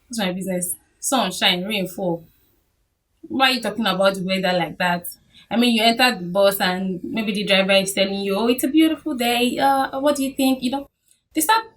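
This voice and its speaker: A woman's voice: medium pitch, recorded from a distance. Chatty Nigerian woman vlogger. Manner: chatty, animated, laughs often. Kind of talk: casual talk to camera.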